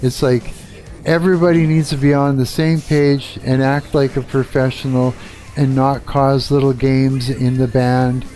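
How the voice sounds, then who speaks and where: A man's voice: medium pitch, little pitch movement, a little slow, dark tone. A middle-aged man from Canada, a guitarist hosting a live stream, talking bluntly and swearing a lot in a casual rant. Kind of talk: casual ranting chat.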